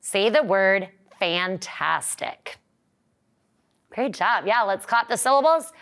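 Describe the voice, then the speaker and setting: A woman teacher leading a children's lesson, singing and cheering in a bright, encouraging, sing-song voice. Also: medium pitch, expressive, takes it slowly.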